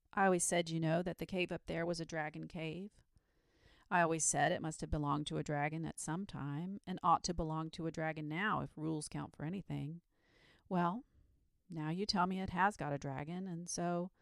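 A bookish little boy talks quietly and sleepily, completely unbothered, as a woman reads his part. The voice is low and a bit gravelly, close and dry, in a storybook reading. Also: no room sound. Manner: quiet, sleepy, matter-of-fact.

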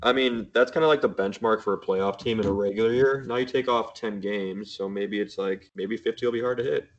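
A young man with a lowish voice co-hosts a casual sports podcast, easygoing as he reads out betting lines. His sound is dull and lo-fi. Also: fairly even intonation, fairly quick. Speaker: podcast co-host.

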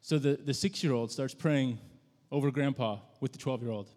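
A man preaching to his congregation in an easy, story-telling way, stumbling and repeating words as he gathers his thoughts. His voice sits at an ordinary middle pitch. It rings out with a long reverb, as in a large church sanctuary. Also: darkish tone. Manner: conversational, halting with frequent restarts. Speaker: pastor. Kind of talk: sermon storytelling.

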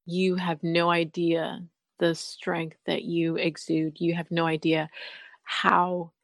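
A woman's voice: lowish voice, flat delivery, slow pace, no room sound. A woman hosting a podcast in casual interview chat, earnest and openly emotional, laughing often. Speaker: podcast host.

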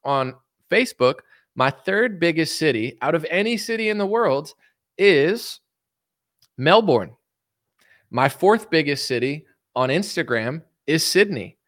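A man's voice: a little high, lively intonation, measured pace, fairly bright tone, no echo, studio quality. A man from the United States answering viewer questions in a casual, rambling, joking livestream chat. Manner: rambling, joking, reads viewer comments aloud.

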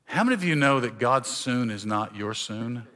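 A man pastor preaching a sermon in a church, telling a personal story and shifting between loud emphasis and hushed, quiet lines. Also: mid-range voice, lively intonation, normal speed.

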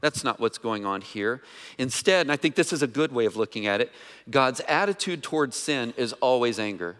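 Pastor preaching in a reverberant church. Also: male voice, medium pitch, lively intonation, normal speed, a bit bright. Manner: conversational, asks the congregation questions. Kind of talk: sermon. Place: church sanctuary. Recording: long hall reverb.

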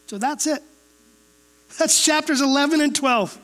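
High-voiced woman preaching. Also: unhurried. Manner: casual, storytelling, frequent rhetorical "right?". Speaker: pastor teaching a Bible chapter. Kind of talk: conversational sermon.

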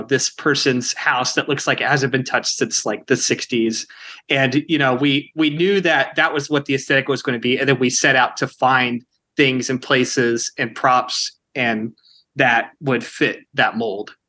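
A man's voice: mid-range voice, sharp tone. A man from Kansas, a film director answering interview questions in a chatty way, full of "you know" and "like". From Kansas, United States.

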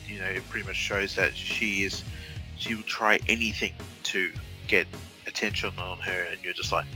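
A man's voice: sits low, steady tone, moderate pace, bright, forceful tone, soft background music. An Australian man co-hosting a podcast, chatting casually in a rambling, playful way. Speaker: podcast co-host.

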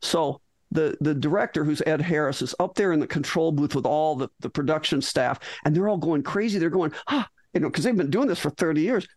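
A woman's voice: deep voice, fairly quick, hardly any pauses, a little mellow, no echo. A middle-aged woman, a physician guest in an interview, tells a story animatedly with frequent restarts and acted-out lines.

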